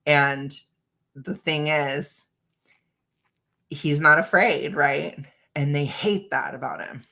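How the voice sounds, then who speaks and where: Low-pitched woman hosting a reaction stream, bright edgy tone, blunt and opinionated, on a video call. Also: slow pace, creaky. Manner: blunt, opinionated, laughs often. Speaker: stream host. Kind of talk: casual reaction commentary.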